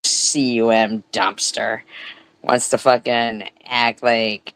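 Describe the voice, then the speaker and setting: A man's voice: mid-range voice, level tone, slow, fairly bright tone, clean tone, rough recording. A man giving profane reaction commentary in a sarcastic, mocking way. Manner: sarcastic, mocking, swears often. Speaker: commentary host.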